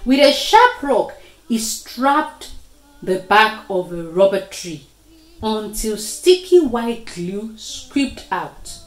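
A woman reading a children's story aloud in a slow, expressive way. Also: fairly high pitch, faint music behind. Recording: echoey room.

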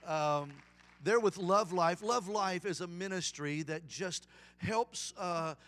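A middle-aged man, a guest evangelist, preaching a folksy, humorous sermon. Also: a little high. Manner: folksy, animated storyteller with humor.

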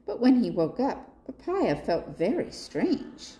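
A woman reads a picture book aloud for library storytime, pausing to ask her young listeners questions. Her voice rises and falls with lively expression, and she takes her time over every line. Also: on the high side. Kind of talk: children's read-aloud.

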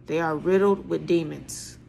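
A woman in an emphatic, preaching monologue. She repeats phrases for weight and swings between a hushed tone and a loud one. A faint hiss sits under her voice. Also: low voice, steady tone, a little slow, vocal fry. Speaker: vlogger.

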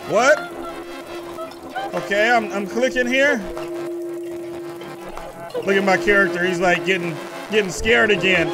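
A man playing a video game, commenting to viewers in a chatty, excitable way and talking back to the game. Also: high-pitched, slow, long pauses. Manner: excitable, talks to the game, rises to loud outbursts. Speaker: gaming YouTuber. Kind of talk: let's play commentary. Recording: music from the game behind the voice.

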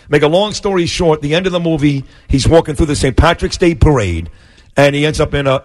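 Male radio co-host, a touch high; blunt, opinionated. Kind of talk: casual radio chat.

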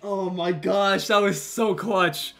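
Early-20s male streamer, high and bright, shouty and profane, voice worn from yelling. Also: steady tone, slow, vocal fry, faint music behind. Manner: shouting, elated and swearing. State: throat strained from screaming. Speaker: gaming streamer. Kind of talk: excited gaming stream commentary.

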